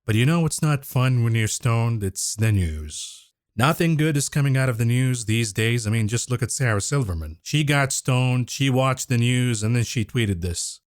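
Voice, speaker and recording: A man's voice: medium pitch, animated, moderate pace. A man hosting a casual stock market commentary show, talking in an irreverent, sarcastic way.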